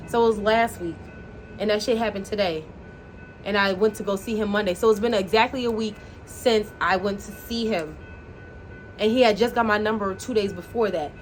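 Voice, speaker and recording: A woman vlogger telling a dating story in a blunt, profane, animated way, acting out the dialogue as she goes. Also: fairly high pitch. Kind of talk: casual storytime monologue. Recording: faint background noise.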